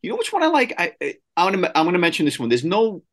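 A man's voice: high-pitched, wildly swooping pitch, rapid-fire. A man in a casual chat, recalling something fondly with some hesitation and fillers. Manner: fond, hesitant recollection with fillers.

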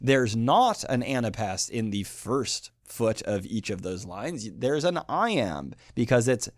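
A man's voice: medium pitch, animated, slow pace, no echo, studio quality. A man voicing a nitpicking student who fussily corrects the teacher's meter. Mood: fussy. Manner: fussy, correcting.

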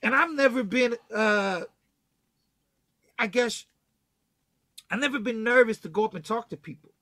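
A man's voice: very high-pitched, measured pace, sharp tone, no room sound. A young Southern man from Texas telling a long, loose story full of swearing, acting out the other people's lines as he goes. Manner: loose, swearing, acts out quotes. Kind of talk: casual profane storytelling.

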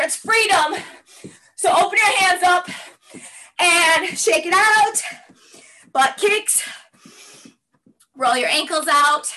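A woman fitness instructor leading a workout class, calling out energetic coaching cues and shouted call-and-response. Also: very high voice, takes it slowly, long pauses. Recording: voice distant from mic, music behind.

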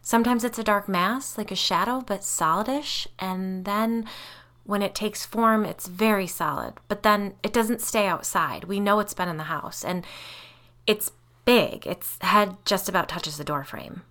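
A woman's voice: mid-range voice, measured pace, a bit bright, close to an everyday voice. A woman reading an anxious, frazzled homeowner who rambles through her worries.

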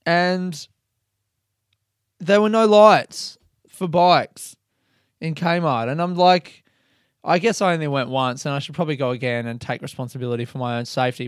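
A man's voice: on the high side, a little fast, clean tone, no room sound, clean studio sound. A young man hosting a podcast alone, telling a rambling story in a casual way, swearing freely and laughing at himself. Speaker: podcast host.

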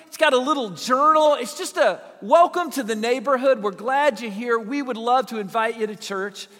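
A man's voice: very high-pitched, normal speed, a bit bright, long reverb tail. A pastor from Southern Illinois preaching a sermon, telling folksy, humorous stories to his congregation. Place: church sanctuary.

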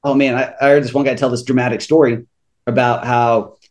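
A man's voice: mid-range voice, a little fast. A man, a returning guest on a podcast, talking earnestly and telling stories about faith and money, often restarting his sentences. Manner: earnest, animated storyteller with frequent restarts. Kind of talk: faith-based podcast conversation.

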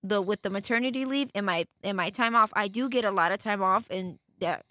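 Blunt, bright-voiced young woman, swearing freely. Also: mid-range voice, brisk, no echo. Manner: blunt, profane, animated. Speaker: podcast co-host. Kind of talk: casual chat.

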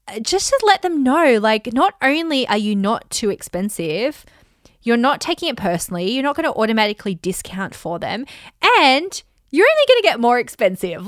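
An upbeat woman coaching her podcast listeners, her voice fairly high and swinging widely as she acts out calm replies. Her tone is smooth and clear, close and dry with no room sound. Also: moderate pace, no echo. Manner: animated, upbeat, swoops up high when acting out replies. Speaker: podcast host and business coach. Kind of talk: motivational solo podcast talk.

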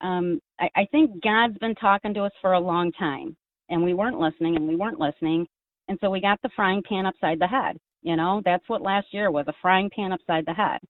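A woman's voice: fairly low pitch, brisk, no echo. Woman calling in over a tinny phone. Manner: earnest, rambling with restarts. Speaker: caller. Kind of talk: casual call-in chat. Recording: tinny phone line, dry.

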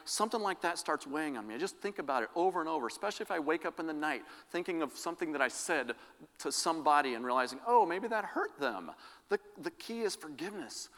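A man's voice: fairly high pitch, a bit bright. A man preaching a sermon, telling personal stories earnestly and often restarting his sentences. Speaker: pastor. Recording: long reverb of a large hall.

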